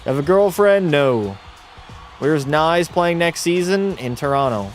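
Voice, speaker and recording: On a live stream, a young man calls hockey plays and banters bluntly and jokily with his chat. His voice is a little high, with lively intonation and a measured pace, and music plays faintly behind him.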